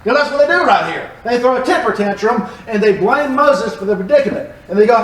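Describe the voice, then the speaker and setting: A man teaching a Bible lesson in a church, animated and joking as he explains the text. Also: very high voice, quick pace, few pauses, a little hiss or hum. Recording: echoey room, distant mic.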